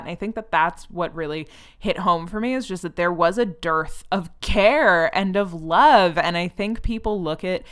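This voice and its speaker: A woman in her thirties hosting a podcast, talking on her own in a casual, sarcastic and animated way. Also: mid-range voice, a little slow. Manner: animated, sarcastic, mocking put-on voices for quotes. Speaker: podcast host. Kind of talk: casual solo commentary.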